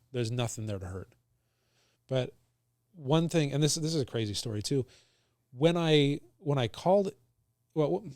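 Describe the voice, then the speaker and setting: A man's voice: mid-range voice, darkish tone, no echo, studio quality. Earnest man retelling a hard morning. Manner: earnest, halting, with many restarts. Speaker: guest sharing his story. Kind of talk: casual conversation.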